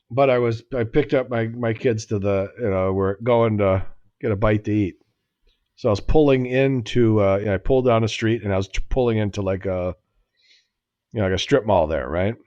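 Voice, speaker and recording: This forties-aged podcast co-host tells a lengthy story in a loose, casual way, interrupting himself and chuckling at what he's saying. His voice sits on the low side with a darkish tone and normal speed, captured in dull-sounding audio.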